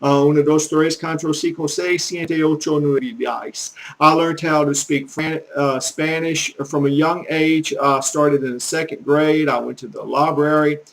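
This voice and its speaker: A man's voice: on the high side, creaky, fairly bright tone, poor audio. A middle-aged man with a Southern American accent giving a rambling, folksy language lesson full of fillers and restarts. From Southern United States. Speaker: language tutor.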